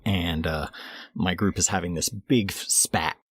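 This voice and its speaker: Brief: deep-voiced male co-host, loose rambling storyteller, dry close sound. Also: unhurried, husky, dry recording. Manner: rambling, many restarts and fillers, laughs mid-story. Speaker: podcast co-host. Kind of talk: casual storytelling recap.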